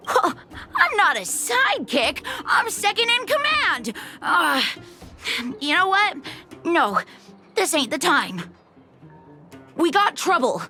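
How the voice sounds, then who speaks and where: A woman's voice: very high voice, big pitch swings, slow, long pauses, pushed and bright, faint music behind, full character voice. A woman voicing a cocky, bossy young kid in a game who calls herself second in command. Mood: worried. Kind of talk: game voice acting.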